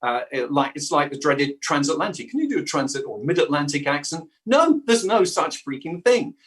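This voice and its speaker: A man's voice: on the high side, very animated, brisk, fairly bright tone. A man with a South London accent, chatting as an interview guest and actor, talkative but hesitant, restarting sentences often. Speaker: guest, improv actor and voice-over artist. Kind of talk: casual interview chat.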